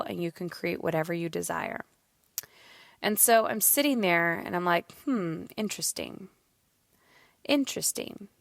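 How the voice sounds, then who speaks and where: Candid, swearing podcast mom, lowish voice. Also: female voice, vocal fry, dry recording, studio quality. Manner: candid, swears freely, animated storytelling. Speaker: podcast host. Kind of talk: casual solo monologue.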